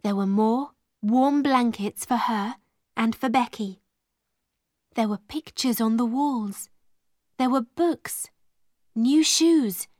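A woman narrating a storybook aloud in a clear, measured manner. She reads very slowly in a slightly high voice. The recording is dry and close. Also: no echo. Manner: slow, clear, measured reading.

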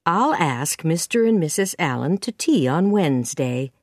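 A stern, practical older woman from a storybook, read by a woman narrator, speaking plainly and firmly. The delivery is slow and measured, fairly low, with a close, dry sound. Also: sing-song, darkish tone, no room sound, full character voice.

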